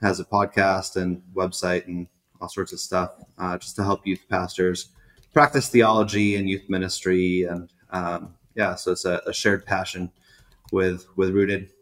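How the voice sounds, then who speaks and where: A man's voice: deep voice, level tone, a little slow, fairly bright tone. A man, a youth pastor chatting as a podcast guest and telling stories with many restarts. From greater Boston area. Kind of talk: casual interview chat.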